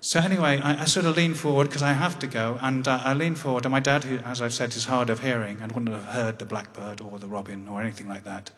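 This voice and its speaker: An English man in his fifties telling a personal story on stage in a wry, conversational way with halting restarts. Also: medium pitch, fairly even intonation, a bit bright. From England. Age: 50s. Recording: long hall reverb.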